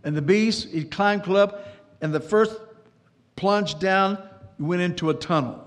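A man's voice: sits high, a little slow, big-room sound. A man preaching a sermon, dramatic, with repeated words and sudden bursts of speed. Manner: dramatic preaching with repetitions and sudden pace changes. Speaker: pastor.

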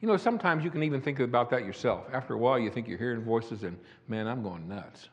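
An older man preaches a sermon in an echoey hall, his medium-pitched, expressive voice very fast and the audio dull. He tells a personal testimony in a folksy way that rises to emphatic declamation.

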